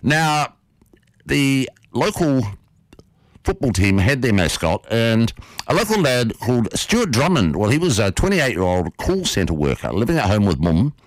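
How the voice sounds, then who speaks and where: A man hosting a radio show, telling a story in a lively, animated way from a studio. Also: fairly low pitch, normal speed, no room sound, poor audio. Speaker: radio host.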